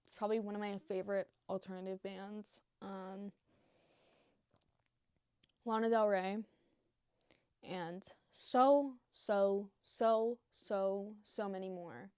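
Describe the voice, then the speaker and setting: A woman's voice: mid-range voice, fairly even intonation, slow, pauses often, a little mellow, smooth, no echo, studio quality. A young woman in casual, unscripted vlog chat who rambles and gushes, with lots of filler words and swearing. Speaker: new vlogger.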